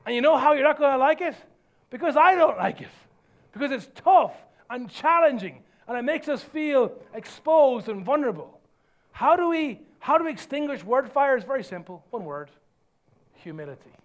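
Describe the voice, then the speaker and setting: A man preaching a sermon as pastor, emphatic and earnest, dropping to soft low lines for effect. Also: very animated, normal speed.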